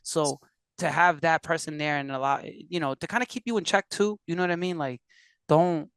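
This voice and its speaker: A man from Puerto Rico, a musician and producer, is a podcast guest in a casual interview, telling animated stories and acting out quotes. His voice is fairly high and clean in tone, moving at a moderate pace with no echo.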